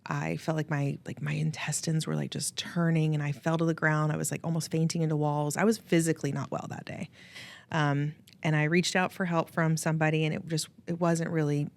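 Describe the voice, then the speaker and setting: A woman host telling a heartfelt personal story, emotional, laughing often and quoting people in lively voices. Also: sits low, brisk, gravelly. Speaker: podcast host.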